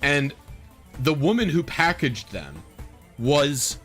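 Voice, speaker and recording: A man's voice: on the high side, big pitch swings, takes it slowly, fairly bright tone, soft background music. A man streaming a game, rambling casually through a story with lots of fillers and exasperated asides. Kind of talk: casual storytelling while gaming.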